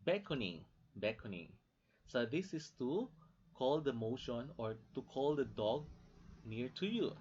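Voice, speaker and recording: Slow Filipino-English male lecturer. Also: medium pitch, big pitch swings, darkish tone, slightly rough. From Philippines. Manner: slow, emphatic, repeats key phrases with frequent "okay?" checks. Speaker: teacher. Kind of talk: classroom lecture. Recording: dull lo-fi recording.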